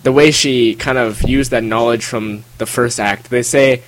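A man's voice: medium pitch, steady tone, unhurried, slight background noise, low-quality recording. A man co-hosting a casual book discussion, asking questions and thinking aloud. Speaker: podcast co-host.

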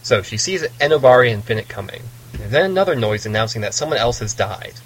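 A man's voice: mid-range voice, animated, quick pace, slightly rough, poor audio. A man co-hosting a casual book discussion, recapping the plot with playful asides. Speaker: podcast co-host recapping a novel.

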